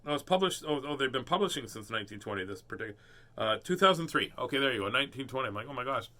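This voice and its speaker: A man's voice: medium pitch, animated, racing, bright, forceful tone. A man hosting a casual live read-aloud of children's books, playful and goofy, often laughing at himself. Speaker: host reading children's books.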